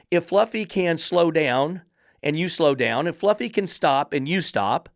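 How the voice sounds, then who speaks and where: A man's voice: on the high side, vocal fry, dry recording, clean studio sound. A man who trains dogs and hosts a podcast, ranting in a blunt, profane, emphatic monologue. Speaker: dog trainer and podcast host.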